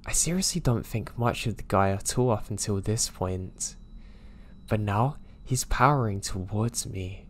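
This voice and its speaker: A man with a somewhat low voice narrates first-person horror tales in a steady, low-key manner. The recording carries a faint background ambience under his voice. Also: unhurried, a little hiss or hum. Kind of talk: scripted narration of listener stories.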